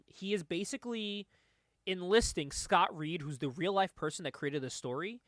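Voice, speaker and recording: A man with a fairly high voice hosts a comic book podcast, talking through a story in a loose, rambling way. He laughs often and swears casually as he goes. The sound is dry, with no room echo. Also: fairly bright tone. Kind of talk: casual comic review chat.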